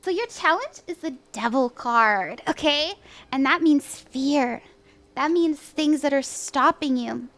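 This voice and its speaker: Her voice sits high and fairly bright, animated yet a little slow. She's a tarot reader hosting a livestream, doing casual readings with an upbeat, chatty manner, frequent laughter, and lots of "like" and "you know".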